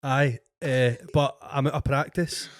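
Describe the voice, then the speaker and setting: A Scottish man hosts a podcast in casual, chatty conversation. His voice is mid-pitched and recorded dry and close. He keeps the talk moving with quick affirmations. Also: fairly even intonation, no echo. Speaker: podcast host. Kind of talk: casual chat.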